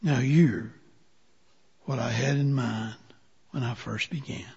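A man voicing a kind master potter who answers softly and gently, within a sermon story. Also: takes it slowly, creaky, husky, heavily acted. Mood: tender. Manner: soft, low and gentle. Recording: dull sound with long hall reverb.

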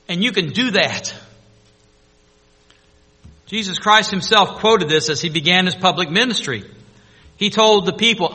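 A man preaching a sermon to his congregation, swinging between loud proclamation and hushed, intimate storytelling. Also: fairly high pitch, lively intonation, moderate pace, pauses often, husky, long reverb tail. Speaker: pastor.

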